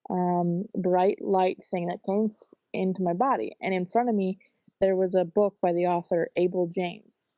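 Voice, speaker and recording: Mellow woman coach on a podcast; dry, close recording; animated, profane, candid. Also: on the low side, normal speed, no room sound. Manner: animated storyteller, swears freely. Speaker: coach working with clients.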